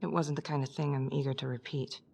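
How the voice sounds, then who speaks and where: A woman's voice: sits low, flat delivery, quick pace, creaky, a little mellow, slightly rough, full character voice. An actress playing a tough female police detective with a blunt, terse manner. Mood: defensive.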